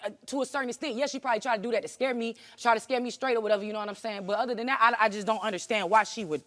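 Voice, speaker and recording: A woman's voice: on the high side, fairly even intonation, rapid-fire, a bit bright. A young woman on a talk show speaking bluntly and heatedly, repeating herself. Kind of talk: emotional confrontation.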